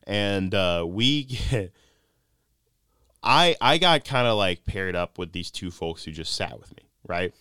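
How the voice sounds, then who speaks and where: A young podcast host from the North Carolina mountains speaks slowly in a low, smooth voice with a sharp tone and lively intonation, recorded dry into a studio mic. Playful and joking, he tells stories and acts out quoted voices in a casual conversation.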